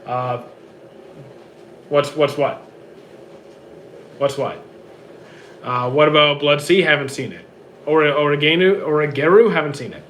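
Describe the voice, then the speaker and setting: A man with a hoarse, worn-out voice reads out viewer questions and answers them offhand in casual livestream chat from home. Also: fairly high pitch, unhurried, pauses often, a bit bright, a little hiss or hum. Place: home with roommates.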